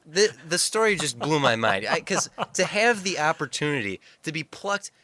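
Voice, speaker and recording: A man co-hosting a film podcast in casual chat, animated and self-mocking, often breaking into laughter. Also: fairly high pitch, moderate pace. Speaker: podcast co-host.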